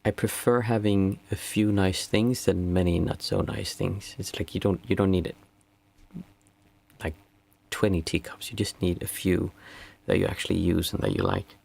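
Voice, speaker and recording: A man's voice: low voice, fairly even intonation, vocal fry, a little mellow. A man, a meditation teacher chatting casually and reflectively with viewers on a livestream. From Sweden. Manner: unhurried, reflective, reads out chat messages.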